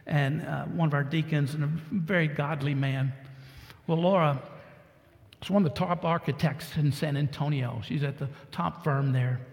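A man's voice: on the high side, vocal fry, in a large hall. A man in his sixties from Texas, a pastor preaching a sermon with folksy stories that build to emphatic exhortation.

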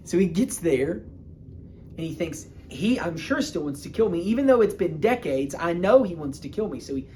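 A man preaching a sermon, retelling a Bible story in a casual, humorous way with quick bursts of speech. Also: a little high, expressive, darkish tone, a little hiss or hum.

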